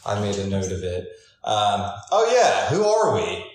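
A man's voice: fairly low pitch, wildly swooping pitch, unhurried, very echoey, slight background noise. A young man co-hosting a casual podcast from a couch at home, joking and a bit crude. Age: young adult. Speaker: podcast co-host. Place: living room couch at home.

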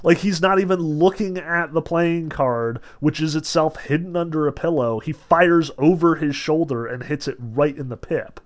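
A man lecturing casually on a novel, reading passages aloud between loose, filler-heavy explanations with animated emphasis. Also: a little high, normal speed, few pauses. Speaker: literature lecturer.

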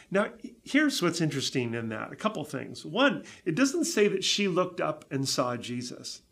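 Animated male preacher telling a story. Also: on the high side, creaky. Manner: animated storytelling, voices the crowd's reactions. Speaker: pastor. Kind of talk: sermon.

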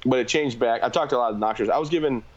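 A man's voice: mid-range voice, lo-fi sound. A man, a combat veteran guest, telling his story candidly in a plain-spoken way. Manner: fast, plain-spoken, filler-heavy.

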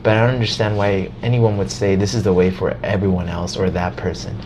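A man in casual podcast chat, talking in an animated way, swearing and laughing as he tells a story. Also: low-pitched, brisk, noisy background.

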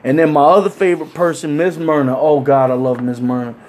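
Guy with a high voice telling crazy stories, swearing a lot, animated. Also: fairly quick, a little hiss or hum. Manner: animated, acts out quoted voices. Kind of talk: casual profane storytelling.

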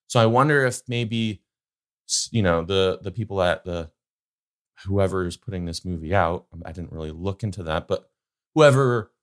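Young guy podcasting solo, kinda low voice, rambles a lot with tons of "like". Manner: rambling, filler-heavy, opinionated. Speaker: podcast host. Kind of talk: casual solo podcast chat.

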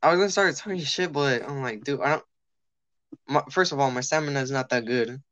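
A man's voice: mid-range voice, fairly quick, no room sound, dull audio. A young man chatting casually, swearing freely and telling a story while acting out the people in it. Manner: animated, swearing, acts out quoted people.

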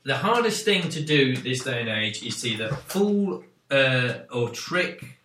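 Bright-voiced man, off-mic and echoey. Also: medium pitch, sing-song, unhurried, distant mic, slight background noise. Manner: questioning, stammers on starts. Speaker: podcast co-host. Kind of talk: casual film review chat. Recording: echoey room, away from the mic.

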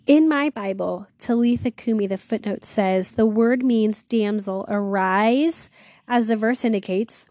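This medium-pitched woman speaks at a measured pace in a warm tone, recorded without echo. Hosting a devotional series, she reads Bible verses aloud and then retells them in chatty, slangy language, earnest and awed, often exclaiming "wow."

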